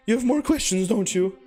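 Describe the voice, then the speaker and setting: A man's voice: high-pitched, dark tone, voice pushed up, heavily acted. A man voicing a haughty, condescending male bird librarian who talks down in a mock-French manner. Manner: pompous, scornful, mock-French.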